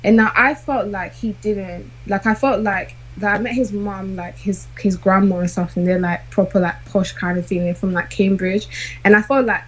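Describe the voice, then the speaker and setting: A woman's voice: mid-range voice, fairly even intonation, normal speed, rough recording. A young woman telling a personal dating story in casual chat, hesitant and full of fillers. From South London. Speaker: guest.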